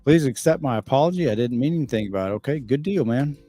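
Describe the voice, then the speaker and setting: A man's voice: medium pitch, expressive, fast, warm tone, soft background music. A middle-aged man chatting casually on a livestream, bluntly and with lots of swearing, as he reads out and answers viewer comments. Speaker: livestreaming father answering chat.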